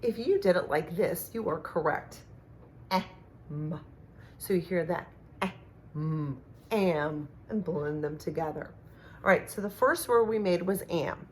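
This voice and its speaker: Woman, kindergarten teacher, remote phonics lesson, slow clear sounding-out, slightly low voice, faint noise. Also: lively intonation.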